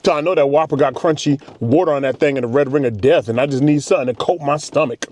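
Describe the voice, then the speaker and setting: A man with a somewhat high voice reviews fast food in a casual video. He talks in a hyped, slangy way and drops playful rhymes. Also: darkish tone.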